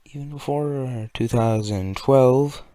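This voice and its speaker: A man's voice: medium pitch, slow pace, warm tone, no room sound. A young man from California giving a sarcastic, rambling commentary rant. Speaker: video commentator. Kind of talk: ranting commentary.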